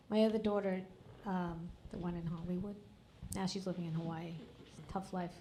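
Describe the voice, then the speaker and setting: A woman's voice: on the low side, fairly even intonation, a little slow, warm tone, a little hiss or hum. A middle-aged woman performing a crude, self-mocking stand-up comedy set on a club stage into a handheld mic. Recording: live club with crowd laughter. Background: audience laughter.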